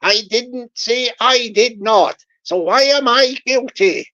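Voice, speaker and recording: A woman's voice: a little high, sharp tone, dull audio. A woman voicing a cheeky accused man who stalls and giggles while dodging a scam charge. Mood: defensive. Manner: evasive, giggling, drawn-out stalling.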